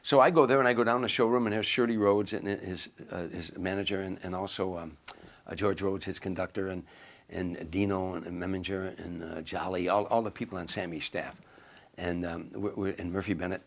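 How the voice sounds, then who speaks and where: A man's voice: deep voice, brisk. A man casually telling a story, acting out the quoted lines as he goes. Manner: animated storyteller who acts out quoted lines.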